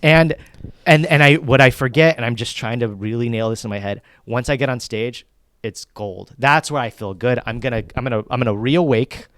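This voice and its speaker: A man's voice: medium pitch, brisk, no echo, studio quality. A man co-hosting a casual podcast chat from home, rambling through stories and swearing freely. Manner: animated, swearing, rambling storyteller. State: tired. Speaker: podcast co-host. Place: home studio.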